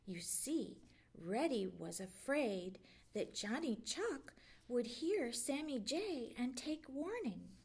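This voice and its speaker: Female librarian, storybook read-aloud; high, animated voice, expressive. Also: slow, slightly rough. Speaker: children's librarian.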